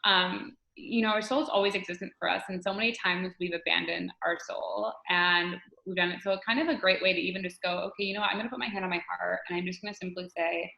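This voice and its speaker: Woman, animated coach, bright voice, roomy and dull sound. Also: on the low side, quick pace, gravelly, hardly any pauses. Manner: animated, spiritual, repeats herself. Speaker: guest coach. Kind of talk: conversational interview answers.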